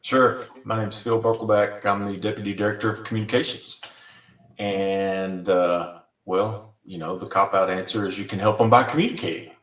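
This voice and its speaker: A man's voice: fairly low pitch, steady tone, normal speed, a bit bright. A man on an online meeting who talks in a rambling, hesitant way, filling gaps with "you know.". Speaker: deputy director of communications. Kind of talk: casual video-call meeting. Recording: distant, echoey video-call audio.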